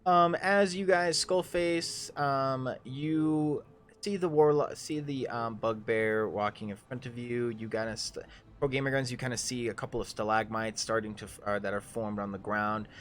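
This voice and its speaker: A man narrating a live tabletop game as game master, halting often with ums and restarts. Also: mid-range voice, steady tone.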